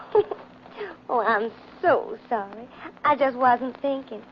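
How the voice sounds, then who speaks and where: Brief: soft, slow Southern-accented belle, old-time radio. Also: female voice, on the high side, animated, highs cut off, slight background noise. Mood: demure. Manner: soft, demure, slow drawl. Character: sweet-talking Southern belle, secretly a killer. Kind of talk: 1940s radio acting.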